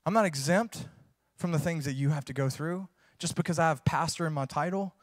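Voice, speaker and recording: A man's voice: on the high side, a little fast, no room sound. A man, preaching a sermon as a pastor, folksy and joking as he tells stories, then preaching with rising fervor.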